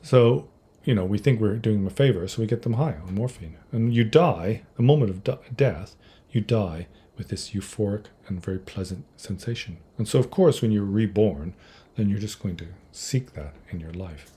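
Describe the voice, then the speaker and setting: Male Buddhist teacher, livestream Q&A; raspy, dark timbre, loose and digressive delivery. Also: lowish voice, lively intonation, moderate pace. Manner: conversational, digressive, with restarts and acted quotes. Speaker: Buddhist teacher answering viewer questions. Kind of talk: livestream Q&A talk.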